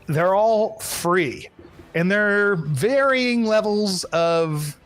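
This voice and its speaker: Guy running a pirate rpg, loose and rambly, kinda high voice. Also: lively intonation, extremely slow, fairly bright tone, faint music behind. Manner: casual, rambling, many fillers. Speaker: game master. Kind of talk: narrating a tabletop game.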